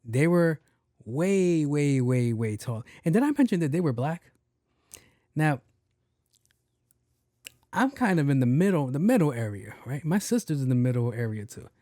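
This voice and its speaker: A man hosting his own podcast, telling a comic story in a profane, animated rant and acting out what other people said. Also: on the high side, normal speed, pauses often, no room sound, clean studio sound. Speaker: podcast host. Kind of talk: solo comedic storytelling rant.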